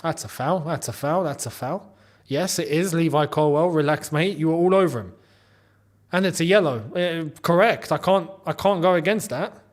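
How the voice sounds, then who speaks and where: A man's voice: on the high side, normal speed. A young man hosting a live football watchalong, reacting to each play and scolding players as if they could hear him. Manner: animated, exclaiming and scolding players directly. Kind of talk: live match reaction commentary.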